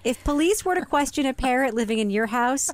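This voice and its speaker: A woman's voice: high voice, animated, a little fast. A woman hosting a podcast, chatting casually and reading news items with a wry edge. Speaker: podcast host. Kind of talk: casual chat.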